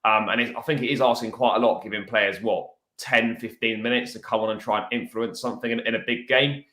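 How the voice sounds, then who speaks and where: A man on a fan panel giving measured, reasoned analysis with hesitant restarts, over a video call. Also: medium pitch, fairly even intonation, pushed and bright, roomy sound. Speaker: panel guest.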